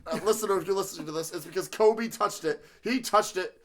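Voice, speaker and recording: A man co-hosting a comedy podcast, playful and quick to laugh. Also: sits high, a little hiss or hum. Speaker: podcast co-host. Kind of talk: improvised comedy bit.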